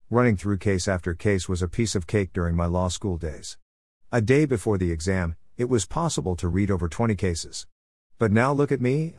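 A man's voice: fairly low pitch, a little mellow, no echo, studio quality. A man narrating a first-person story in a reflective, wry manner.

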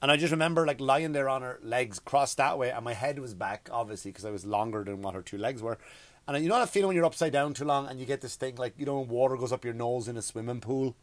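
A man's voice: mid-range voice, fast, dry recording. Crude rambling Irish man ranting. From Ireland. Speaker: podcast host. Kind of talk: comedic rant.

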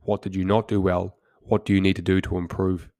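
Speaking briskly in a flat, steady way, a deep-voiced, gravelly man delivers motivational commands on his podcast, frequently tripping over repeated words. His direct, punchy lines come across dry and close, with no room sound at all.

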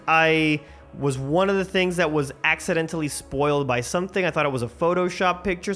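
A man hosting his own show, rambling excitedly and swearing freely through a casual movie review. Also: on the high side. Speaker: host.

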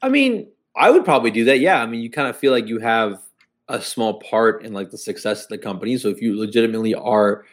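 A man's voice: fairly low pitch, expressive, fast. A man with a Texan accent, co-hosting a podcast in loose, casual chat, swearing often and laughing easily. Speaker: podcast co-host.

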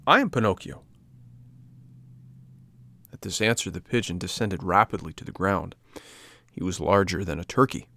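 A man narrating a storybook in a measured, even way. His voice sits low. The sound is dry and close. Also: vocal fry, no room sound. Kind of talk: storybook reading.

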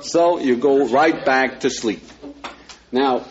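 A man's voice: mid-range voice, takes it slowly, lo-fi sound. A man, a rabbi, lecturing an audience with emphasis and frequent rhetorical questions. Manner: emphatic, peppers talk with rhetorical questions to listeners.

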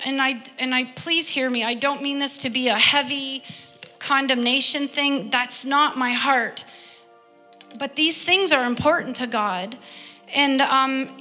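A woman preacher giving an earnest, heartfelt sermon, reading scripture and pausing often. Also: sits high, pushed and bright. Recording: long hall reverb, faint music behind.

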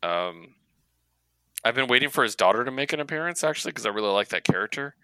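A man co-hosting a podcast, chatting casually about comics in an animated way. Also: mid-range voice, fast, clean tone, no room sound. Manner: animated, laughs often, acts out character lines. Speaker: podcast co-host. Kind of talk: casual comic book review chat.

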